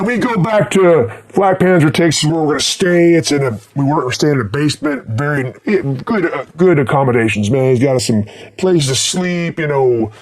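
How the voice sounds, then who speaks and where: Male musician, casual tour recap, rambling, heavy swearing, lots of fillers. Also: mid-range voice. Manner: rambling, profane, with many fillers. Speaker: black metal musician.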